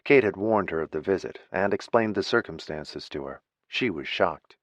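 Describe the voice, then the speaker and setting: Male audiobook narrator, low voice, steady reading, dry dull sound. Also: moderate pace, dry recording. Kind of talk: scripted narration.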